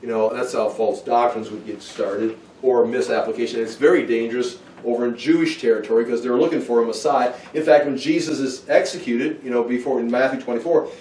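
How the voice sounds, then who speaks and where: A man's voice: medium pitch, fairly even intonation, brisk, hardly any pauses, a little mellow, a little hiss or hum. A man teaching a Bible study who thinks aloud with restarts and asides. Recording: roomy, from far off the mic.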